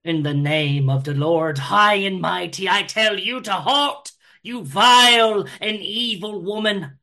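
A man's voice: high voice, slow, pushed and bright, exaggerated voice. A man voicing a zealous preacher who condemns a woman with archaic, fire-and-brimstone preaching. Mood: thundering, condemning.

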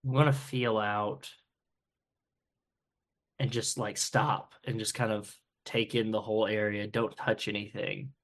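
A man playing a tabletop role-playing game, speaking quietly and hesitantly as he works out what his character will do. His voice is lowish and he talks slowly. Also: little pitch movement. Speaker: player. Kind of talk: casual tabletop game play.

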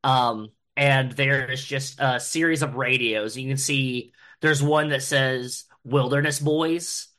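A man's voice: mid-range voice, takes it slowly, hardly any pauses. A man describing a scene and speaking as his character in a tabletop game, loose and full of fillers. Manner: loose, filler-heavy, excitable. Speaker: player. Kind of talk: casual tabletop role-play.

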